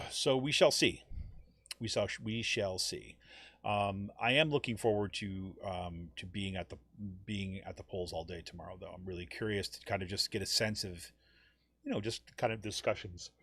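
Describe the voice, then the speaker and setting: A man's voice: fairly low pitch, moderate pace, a bit bright, slightly rough, dry recording. A man hosting a political podcast, talking casually and rambling, full of "you know" and "right?" fillers. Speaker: podcast host.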